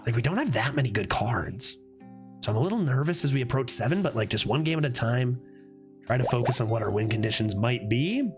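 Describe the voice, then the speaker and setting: A man streaming a card game, thinking aloud in casual commentary and getting excited over close plays. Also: brisk, music in the background. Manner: excitable, thinks aloud, sometimes drops to a low put-on voice.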